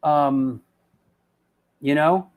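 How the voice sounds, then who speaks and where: A man hosting a live web show, rambling and excitable as he chats with viewers and restarts his sentences. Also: a little high, very slow. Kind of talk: casual live-stream chat, reading viewer comments.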